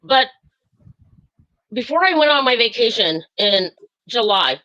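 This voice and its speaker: A woman's voice: fairly high pitch, big pitch swings, unhurried, bright, forceful tone, dull audio. A woman calling into a live stream, furious and swearing, rambling with many fillers as she tells what happened to her. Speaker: caller. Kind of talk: angry live-stream call.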